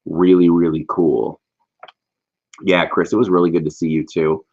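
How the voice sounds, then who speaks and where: A middle-aged man hosting a casual livestream from a warm room at home, chatty and greeting viewers by name. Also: low voice, little pitch movement, moderate pace. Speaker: livestream host. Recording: slightly dull lo-fi stream audio.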